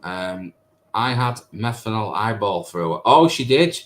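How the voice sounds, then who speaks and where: A man in his thirties hosts a live stream, reading viewers' comments aloud and teasing them in casual chat. His voice is lowish, with lively intonation and a moderate pace.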